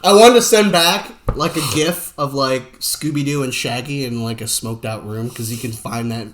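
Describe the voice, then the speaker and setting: A man's voice: mid-range voice, normal speed, a bit bright. A man from Pennsylvania co-hosting a podcast in casual, profane chat, often slipping into goofy stoner impressions. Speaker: podcast co-host.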